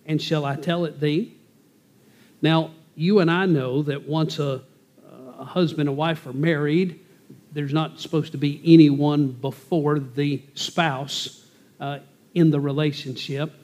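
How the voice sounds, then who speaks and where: A man's voice: a little high, fairly even intonation, a little slow, darkish tone. A man teaching a Bible passage verse by verse, talking conversationally with frequent filler words. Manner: conversational, explains each verse in plain terms with frequent "uh" fillers.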